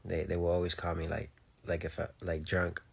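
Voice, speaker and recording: A man's voice: low voice, monotone, a little fast, vocal fry, slightly rough. A young man chatting casually on a phone live stream, joking, laughing often and reading comments, unable to roll his R's.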